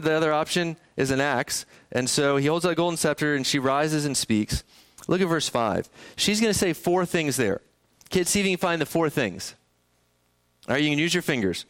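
Speaking from a church sanctuary, this pastor has a fairly high, somewhat bright voice. His sermon feels like a conversation, regularly punctuated by questions aimed at the congregation.

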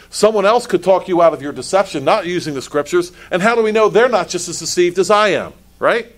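A male pastor preaching a sermon, asking pointed rhetorical questions and stumbling over restarts as he builds his points. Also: sits high.

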